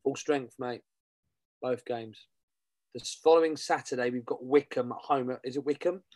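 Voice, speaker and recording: A man's voice: mid-range voice, normal speed, a little mellow, dry recording. A man co-hosting a fan podcast, rambling in casual football chat and repeating himself. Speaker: podcast co-host.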